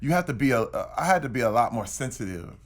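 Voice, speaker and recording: Gravelly man telling stories animatedly. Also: medium pitch, fast talker. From Flint, Michigan. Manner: animated storyteller, emphatic. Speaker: guest actor. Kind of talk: casual interview chat.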